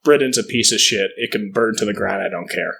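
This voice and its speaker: A man's voice: on the low side, a little fast, vocal fry, pushed and bright, slight background noise. A man co-hosting a casual comedy podcast, ranting profanely and doing mocking impressions. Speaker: podcast co-host.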